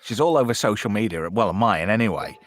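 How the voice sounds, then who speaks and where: A man's voice: lowish voice, expressive, fairly quick, no echo, clean studio sound. A man hosting a casual live-stream chat, crude and full of swearing and laughter. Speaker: host.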